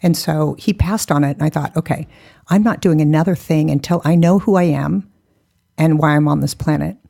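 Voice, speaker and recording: A woman's voice: low-pitched, moderate pace, vocal fry, dark tone. A woman in her forties, a podcast guest, telling her story bluntly and candidly, mocking herself and laughing often.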